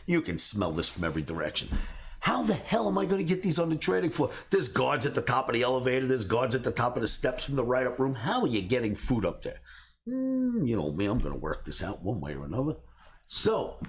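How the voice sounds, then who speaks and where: A man's voice: mid-range voice, slight background noise. A middle-aged man, casually telling a story to a live stream and acting out the voices of people in it. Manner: animated, acts out voices of people in his stories. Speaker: trading educator telling stories.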